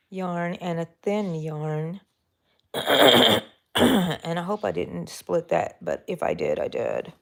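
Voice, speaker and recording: Texan lady crocheting on a live, lowish gravelly voice, chats to herself and the viewers. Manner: chatty, talks to herself and viewers while working. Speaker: crochet livestream host. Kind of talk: casual crochet tutorial chat.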